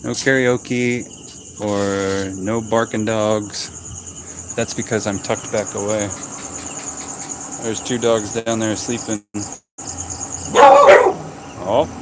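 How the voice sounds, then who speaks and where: A middle-aged man vlogging outdoors at night in a rural yard, rambling slowly in a self-mocking, sarcastic way. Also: lowish voice, level tone, heavy background noise. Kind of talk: casual night-time vlog.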